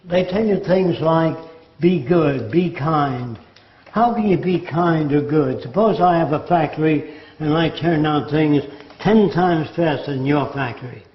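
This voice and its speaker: A man's voice: a little high, a little slow, a little hiss or hum. An older man giving a lecture-style talk, sardonic and mocking as he mimics quotes. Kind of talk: lecture monologue. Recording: echoey room, dull lo-fi sound.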